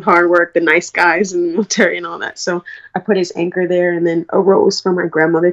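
A woman's voice: lowish voice, muffled recording. A young woman from New York, a college track athlete, talking candidly in an interview and quoting people as she tells her story. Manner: candid, storytelling with quoted dialogue.

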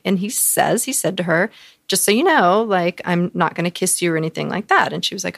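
Gravelly low-voiced woman telling a story. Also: fairly quick, no echo. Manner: animated, acts out quoted voices, frequent fillers. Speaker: podcast co-host. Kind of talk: candid personal storytelling.

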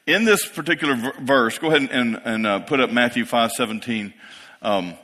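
A pastor in his fifties delivers a sermon in a church sanctuary, his sharp, medium-pitched voice moving fairly quickly. He climbs to emphatic high points and checks in with the congregation, all wrapped in the long reverb of a big hall.

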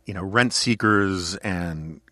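A man's voice: low-pitched, slow, bright, forceful tone, no room sound, clean studio sound. A man hosting a podcast, talking casually and at length with frequent restarts and easy laughter. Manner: rambling, restarts often, laughs readily. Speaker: podcast host.

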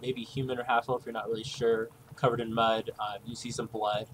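A man narrating as game master of a tabletop game, in a relaxed, halting way with fillers and chuckles. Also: medium pitch, poor audio. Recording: faint background noise.

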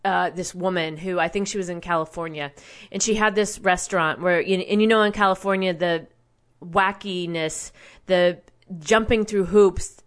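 A woman's voice: on the low side, steady tone, moderate pace. A woman delivering an impassioned, rambling monologue as a show host, indignant and profane, often restarting her sentences.

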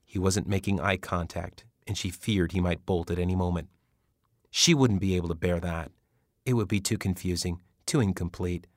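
A man narrating an audiobook in a measured, steady storytelling manner. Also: deep voice, no echo, studio quality. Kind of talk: scripted narration.

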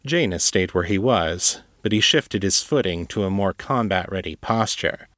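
A man narrating a fantasy story as an audiobook reading, in a measured, even storytelling manner. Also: low voice, no echo, clean studio sound.

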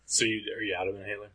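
A man trades jokes with his co-host in relaxed podcast banter. His voice is low and bright, with a husky edge. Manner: joking, laid-back banter. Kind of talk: casual chat.

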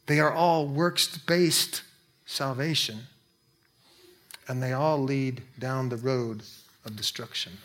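A pastor preaching a sermon in a conversational way, breaking into quick asides. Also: male voice, medium pitch, fairly even intonation, fairly bright tone.

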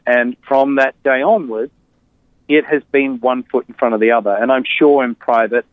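A man tells his story as an interview guest, candid and reflective, often pausing and restarting. His voice sits at an ordinary middle pitch. The sound is narrow and tinny, like a phone line, with no room echo. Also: steady tone. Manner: reflective, with frequent fillers and restarts.

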